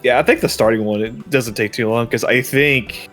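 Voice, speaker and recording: A man playing along on a game stream, giving short relaxed replies and swearing now and then. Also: medium pitch, moderate pace, soft background music. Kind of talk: casual gaming chat.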